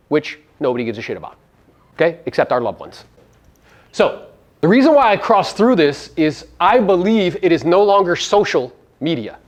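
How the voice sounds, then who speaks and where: Coaching a seminar audience live, a man who hosts a real estate podcast comes across brash and profane. He keeps throwing rhetorical questions at the room, veering between booming punches and hushed asides.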